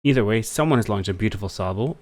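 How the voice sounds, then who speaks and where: Man, lowish voice, wry let's-play commentary, thinking aloud at the desk mic. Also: expressive, quick pace. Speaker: strategy game let's-player. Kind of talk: casual gameplay commentary.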